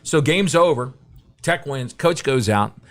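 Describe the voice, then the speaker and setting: A man's voice: mid-range voice, animated, measured pace. A middle-aged man, a guest broadcaster, telling anecdotes in a podcast interview and acting out the quotes.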